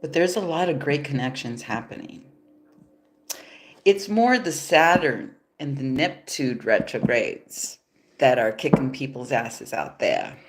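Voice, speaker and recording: A woman hosting a casual tarot reading live from home, her voice low and her pace slow and unhurried. Allergies leave her sounding stuffy and nasal. She talks in a laid-back, loose way into her phone, swearing in passing. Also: big pitch swings, a little hiss or hum. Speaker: tarot reader. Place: home after yoga.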